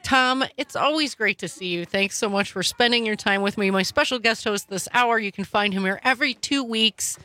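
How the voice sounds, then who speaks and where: A woman hosting political talk radio, speaking in a brisk, emphatic, opinionated way into a studio microphone. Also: medium pitch, sharp tone, faint music behind. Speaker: radio talk show host.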